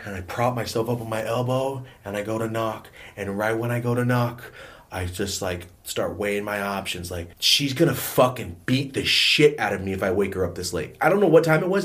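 Profane young man telling a storytime. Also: fairly low pitch. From California. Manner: profane, animated storytelling with acted-out voices. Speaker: vlogger. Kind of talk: casual storytime.

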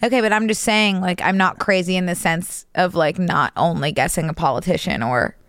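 A woman's voice: on the low side, fairly quick, a bit bright, no room sound. A young woman co-hosting a podcast, playful and insistent in casual chat. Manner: playful, insistent, laughing easily. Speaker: podcast co-host.

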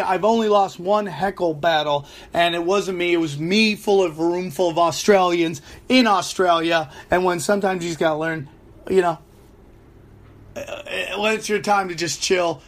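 A man who does stand-up, ranting through a profane, animated story about a gig on his podcast. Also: sits high. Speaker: stand-up comedian and podcast host.

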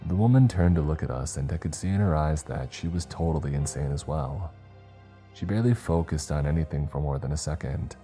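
A man narrating a scary story in a slow, measured, grave delivery. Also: extremely low pitch, mellow, faint music behind. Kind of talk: scripted horror story narration.

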